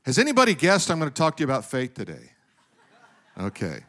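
A middle-aged man preaching a sermon as pastor, animated, often asking the congregation questions. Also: medium pitch, fast talker, pauses often.

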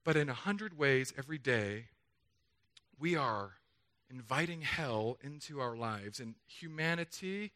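A man preaching a sermon in a chapel, emphatic and energetic, swinging between loud declarations and quiet asides. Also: medium pitch, a little slow. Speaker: pastor.

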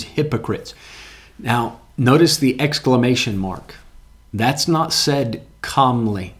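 A man preaching a sermon in a church, talking earnestly and conversationally, often repeating words as he goes and reading scripture aloud with emphasis. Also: mid-range voice. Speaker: pastor. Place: church sanctuary with congregation.

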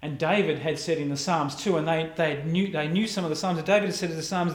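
Pastor preaching in an echoey room. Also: male voice, on the high side, steady tone. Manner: reflective, conversational preaching with pauses. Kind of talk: sermon.

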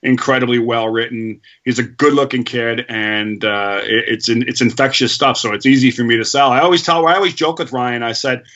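A man talks casually as an interview guest and acts out the voices of people in his stories. His voice is bright and forceful, and the audio sounds a little dull and lo-fi. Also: mid-range voice, a little fast, hardly any pauses. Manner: animated storyteller acting out quoted dialogue. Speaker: guest, band manager. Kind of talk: casual conversational storytelling.

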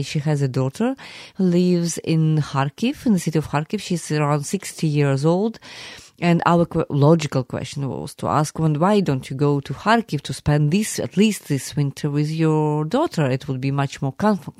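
Earnest speaker with halting, dry delivery. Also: medium pitch, darkish tone, no echo. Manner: earnest, halting with fillers and restarts. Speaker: guest recounting a field visit. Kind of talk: spoken account.

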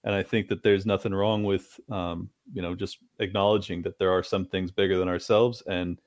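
A man's voice: deep voice, fairly even intonation, normal speed, dry recording, clean studio sound. A man hosting a casual chat, sympathetic and thoughtful in his reply. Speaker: host.

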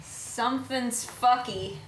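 A woman's voice: a little high, takes it slowly. A woman playing a tabletop game, chatting casually and swearing now and then. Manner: casual, swearing, laughing between rolls. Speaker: player. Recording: roomy with clear background noise.

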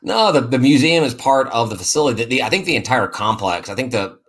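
A man's voice: mid-range voice, lively intonation, fast, a bit bright. A man hosting a casual sports podcast, joking loosely, laughing often and repeating his words. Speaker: podcast host.

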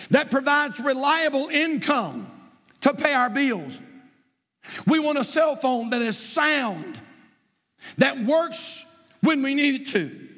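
A man preaching as a pastor, building to shouts and repeating his points. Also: very high voice, big-room sound. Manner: impassioned preaching, often shouting, with repetition. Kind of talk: sermon. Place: church sanctuary.

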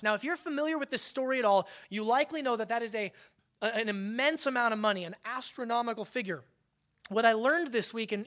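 Pastor preaching with emphatic swells. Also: male voice, extremely high pitch. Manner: conversational, with emphatic swells and hushed drops; repeats words as he restarts a phrase. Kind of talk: sermon.

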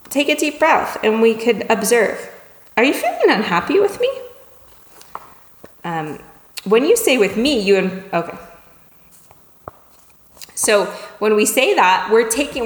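Woman teaching in an echoey hall. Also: fairly high pitch. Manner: conversational, checks in often with "right?" and "okay?"; acts out little dialogues in lively voices. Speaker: communication teacher. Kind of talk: spoken lesson on empathetic listening. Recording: echoey room with long reverb.

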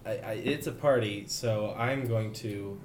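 A man's voice: fairly low pitch, a little slow. Goofy man in an echoey room. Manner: goofy, hesitant. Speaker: player. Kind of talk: in-character tabletop play. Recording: echoey room with faint hiss.

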